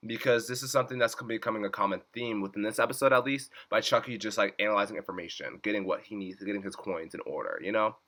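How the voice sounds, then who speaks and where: An excitable man in casual recap mode, his voice bright and cutting. He swears freely, laughs often and jumps up high when something delights him. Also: quick pace, hardly any pauses. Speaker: YouTube reviewer.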